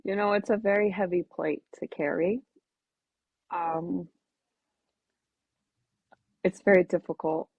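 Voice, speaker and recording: A woman guest on a podcast, talking in an earnest, reflective, halting way in casual interview chat. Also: fairly low pitch, fairly even intonation, husky, no room sound. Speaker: podcast guest, melanoma advocate. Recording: dull lo-fi podcast audio.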